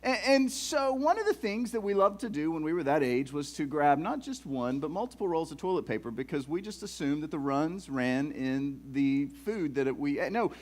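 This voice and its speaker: A middle-aged man, preaching a sermon in a folksy, animated storytelling way with many restarts. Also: high voice. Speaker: pastor.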